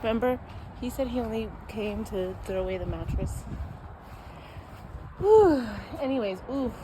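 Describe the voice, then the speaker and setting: A young woman chatting casually at home in an unboxing vlog, excitable and chatty, swearing freely and dropping to near-whispers. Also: mid-range voice, a little fast, background noise. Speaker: vlogger.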